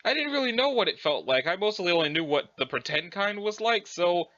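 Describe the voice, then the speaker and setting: Guy doing a shy mellow ghost troll boy, kinda hesitant, bright voice. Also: sits high, expressive, brisk, highs cut off. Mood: mild. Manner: mild, hesitant.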